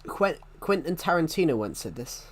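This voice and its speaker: Very animated and on the high side, a young British man with a strong regional accent and pronounced R sounds talks at a normal speed on his game stream. He rambles, corrects himself, and takes chat questions as they pop up in a casual way.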